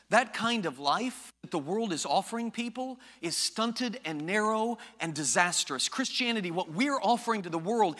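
A high, bright male voice preaching with lively swings in pitch, firing off rhetorical questions and playful asides. His sermon rings out with a long hall reverb behind it. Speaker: pastor.

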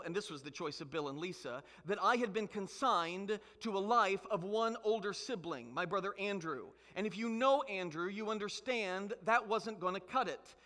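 A man's voice: high-pitched, pushed and bright, big-room sound. A man preaching a sermon as pastor, emphatic and full of rhetorical questions.

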